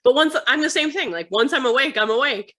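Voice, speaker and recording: A woman from the United States, a guest in a casual interview, telling stories in an animated way and acting out the voices of others. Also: high voice, brisk. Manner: animated storytelling, acts out her sons' voices. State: tired.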